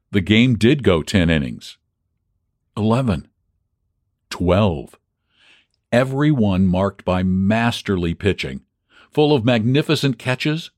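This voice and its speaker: Male audiobook narrator, lowish voice with wide, lively pitch, dry close sound. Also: no room sound. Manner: expressive reading, shouting out the fans' cries. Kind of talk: scripted narration of a classic baseball story.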